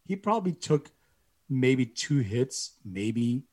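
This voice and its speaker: A middle-aged man casually telling a family story, animated and acting out the voices of people he quotes. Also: slow, husky. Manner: animated, acts out quoted voices with rising pitch.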